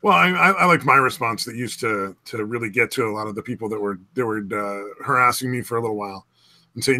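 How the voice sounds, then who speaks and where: A man co-hosting a casual podcast, talking in a measured, earnest way with some swearing. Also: medium pitch, bright, forceful tone, no room sound. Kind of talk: casual chat.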